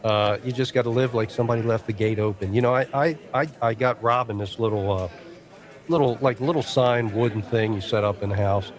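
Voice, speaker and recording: A man's voice: fairly low pitch, brisk. Laid-back male radio co-host. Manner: laid-back, easygoing, upbeat musings. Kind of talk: casual radio chat.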